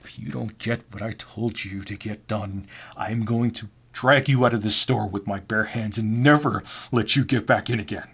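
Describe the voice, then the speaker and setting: A man voicing an angry, bitter male supervisor who delivers a low, grim threat in a storytime vlog. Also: moderate pace, gravelly, husky. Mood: threatening.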